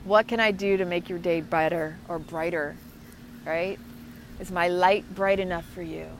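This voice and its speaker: A woman's voice: lowish voice, fairly even intonation, moderate pace, poor audio. Chatty woman live-streaming outdoors by water. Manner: chatty and effusive, greeting viewers by name. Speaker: co-host of an online live show. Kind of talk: casual live-stream chat. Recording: outdoor recording with clear traffic noise. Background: outdoor ambience and passing vehicles.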